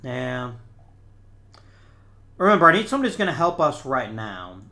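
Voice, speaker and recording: Guy doing laid-back let's-play commentary, bright forceful voice, chats to players on screen. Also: mid-range voice, very animated, normal speed. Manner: thinks aloud, talks to players on screen. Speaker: gaming channel host.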